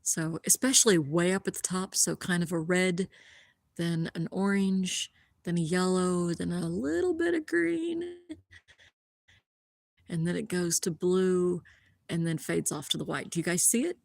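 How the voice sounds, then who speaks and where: A woman hosts a live stargazing stream from outdoors at night, explaining what viewers see through the telescope. She gushes with awe and often slips into a hushed whisper. Her voice sits a little low and sounds close and dry. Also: little pitch movement, moderate pace, no echo. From Columbus, Ohio area. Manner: awestruck, gushing, often drops to a hushed whisper. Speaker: livestream host showing a telescope view.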